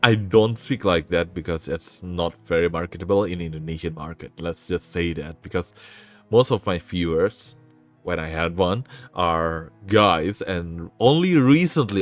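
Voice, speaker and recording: A man's voice: sits low, dry recording. A man with a sore throat, hosting a casual live stream, rambling and often interrupting himself. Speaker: VTuber streamer and host.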